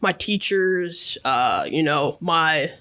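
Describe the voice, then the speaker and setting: A man in his thirties with a fairly high speaking voice shares his story as a podcast guest. He talks in a casual, reflective way, with lots of small fillers and tag questions. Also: lively intonation, takes it slowly, sharp tone, clean tone. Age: 30s.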